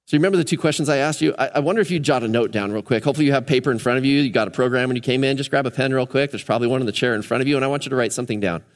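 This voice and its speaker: A man's voice: mid-range voice, very fast, hardly any pauses. A male pastor giving a conversational sermon, acting out quoted voices as he talks to the congregation. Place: church sanctuary. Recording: long church hall reverb.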